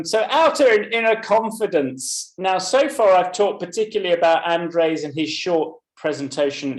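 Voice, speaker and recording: A man hosts a live webinar for language teachers, his voice sitting a little high for a man. He explains each point in a measured, thoughtful way and reacts to comments from the chat. The recording has a noticeable roomy echo. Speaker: webinar presenter for English teachers. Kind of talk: live teaching webinar, talking through slides.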